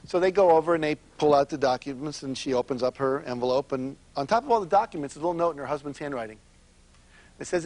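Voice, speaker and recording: A man speaking as a motivational seminar speaker, telling stories in an animated way and addressing his audience directly. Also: fairly high pitch, fast.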